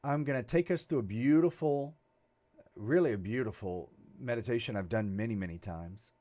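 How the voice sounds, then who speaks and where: A man's voice: medium pitch, moderate pace. A man giving a Sunday sermon on a livestream, talking casually with asides and laughs before leading a guided meditation. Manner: warm, conversational preaching with laughs and asides. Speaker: reverend leading a Sunday broadcast.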